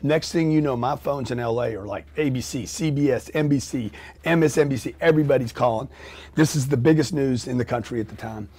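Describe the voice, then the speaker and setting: Middle-aged guy telling a wild story on a podcast, swears a lot, does sound effects, mid pitch. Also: fairly quick. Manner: animated, profane, acts out scenes with sound effects. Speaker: guest.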